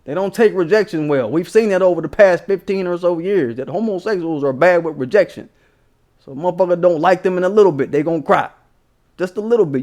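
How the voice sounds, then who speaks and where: High-voiced man ranting brashly. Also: a little mellow. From Maryland, US. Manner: profane, brash, heated. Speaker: commentary vlogger. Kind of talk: ranting commentary.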